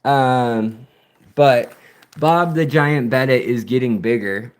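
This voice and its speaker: A man's voice: mid-range voice, smooth. A man hosting an aquarium channel, rambling through a casual livestream chat as he walks among his fish tanks. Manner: rambling, chatty, slow-paced storytelling. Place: outdoors near his fish tanks at sunset.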